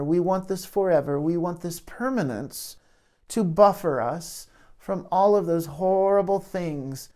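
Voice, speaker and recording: A man's voice: a little high, dark tone. A man speaking as a therapist in an educational talk to camera, reflective and searching for his words as he goes.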